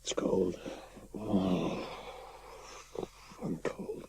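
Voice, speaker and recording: A man voicing an exhausted, shaken young cavalry officer who speaks quietly and half in a whisper in a radio drama. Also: rumbling low, level tone, fairly quick, slight background noise, pitched below the performer's own voice. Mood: hushed.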